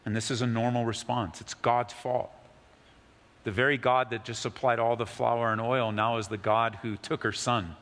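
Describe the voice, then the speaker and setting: A male pastor giving an animated sermon, reading scripture and teaching with emphatic, rising delivery. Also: moderate pace, big-room sound. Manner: animated preaching, voice rising high when acting out the widow's excitement.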